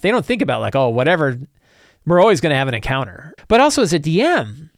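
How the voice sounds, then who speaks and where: A man's voice: a little high, big pitch swings, fast, dry recording, studio quality. A middle-aged man talking casually as a game master about preparing his next session, thinking aloud with frequent restarts. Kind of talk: casual solo talk about game prep.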